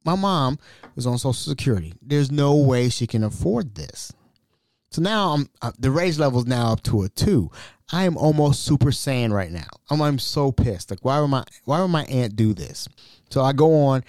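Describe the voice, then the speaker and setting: A man hosting a podcast, telling a family story in a casual, animated and exasperated way. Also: mid-range voice, normal speed, no room sound, studio quality. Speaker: podcast host.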